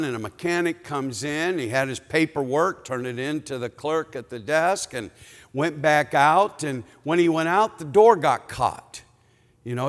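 A male pastor delivers a sermon at an unhurried pace, spinning a personal anecdote with lively, conversational asides. His voice sits in a middle register. It rings out in a church hall with a long reverb tail. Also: medium pitch. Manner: storytelling preacher, animated and conversational.

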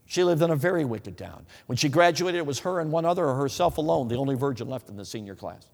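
A man's voice: mid-range voice, animated, fast talker, creaky, darkish tone. A man from the United States preaching a sermon, emphatic and repetitive, often calling his listeners friends. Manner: emphatic, repeats points, addresses the crowd as friends. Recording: long hall reverb.

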